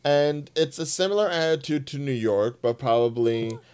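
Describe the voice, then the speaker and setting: A relaxed man talks things over as a podcast co-host. He sounds blunt and easygoing, with a middle pitch for a man. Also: normal speed, clean tone. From New Jersey. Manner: laid-back, blunt, casual swearing. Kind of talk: casual chat.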